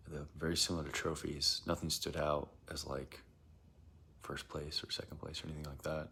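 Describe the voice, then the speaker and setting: A man's voice: extremely low pitch, flat delivery, brisk, vocal fry, pushed and bright, a little hiss or hum. A man telling a strange personal experience in a rambling, hesitant way, often dropping into a whisper. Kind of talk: casual first-person account.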